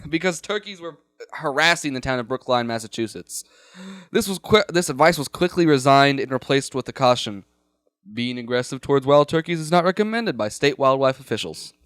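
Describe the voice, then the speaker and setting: A man's voice: medium pitch, fairly quick, clear, resonant tone, no room sound. Guy with a bouncy voice reading a story to his buddies, dry sound. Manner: animated, laughs often. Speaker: show regular. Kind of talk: casual chat, reading a submitted story.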